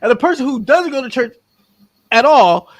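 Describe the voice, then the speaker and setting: A woman's voice: high-pitched, normal speed. A woman podcast guest who tells a story with energy, acting out the voices of the people in it. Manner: acts out quotes, lively and exclamatory. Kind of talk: animated storytelling.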